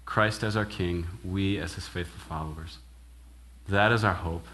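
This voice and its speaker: A young adult man preaching a conversational sermon as minister, casual and animated, checking in with "right?" and acting out quoted lines. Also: low-pitched, normal speed, a little hiss or hum.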